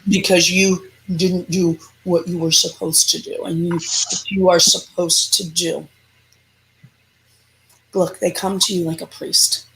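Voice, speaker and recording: A woman's voice: lowish voice, slow pace, a little hiss or hum, rough recording. A woman, a paranormal investigator, speaking emphatically and animatedly as an interview guest. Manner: emphatic, animated, laughs often. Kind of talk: casual interview chat.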